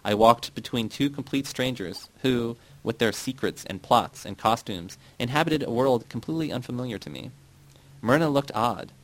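A man narrating a novel in the first person, reading in a steady, measured way. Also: medium pitch, rough recording. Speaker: audiobook narrator.

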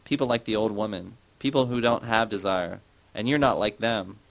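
A man's voice: fairly low pitch, normal speed, creaky, a bit bright, poor audio. A man reading the part of a drunk young woman who insists and pleads. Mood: insistent.

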